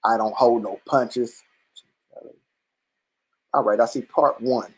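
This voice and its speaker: Brief: combative livestream host, blunt and profane, restarts a lot, average pitch. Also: steady tone, takes it slowly, a little hiss or hum, poor audio. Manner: repetitive restarts, rising into near-shouts. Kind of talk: casual livestream commentary. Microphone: computer or phone mic on a live stream.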